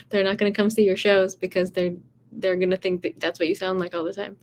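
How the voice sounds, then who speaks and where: A woman's voice: medium pitch, flat delivery, moderate pace, long pauses, slight background noise. A woman vocal coach giving casual, encouraging advice in a chatty way, often saying "you know" and "right".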